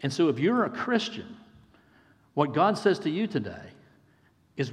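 A man's voice: a little high, sing-song, measured pace, long pauses, highs cut off. A man preaching a sermon in an earnest way, often repeating a phrase for emphasis and calling his listeners friends. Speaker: pastor. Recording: long hall reverb.

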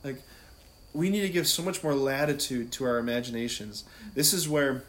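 A man's voice: medium pitch, normal speed, fairly bright tone. A man speaking as a priest, teaching about prayer in a casual, conversational way, often adding "like" and "right?" as he goes. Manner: conversational, many "like" and "right?" asides. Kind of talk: casual spiritual teaching talk. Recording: echoey room with faint background noise.

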